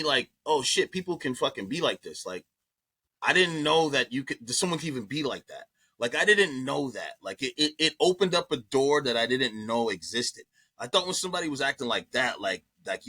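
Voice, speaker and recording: A comedian telling a story on a podcast in an animated way, swearing freely and repeating himself. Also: male voice, medium pitch, no room sound. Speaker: comedian guest.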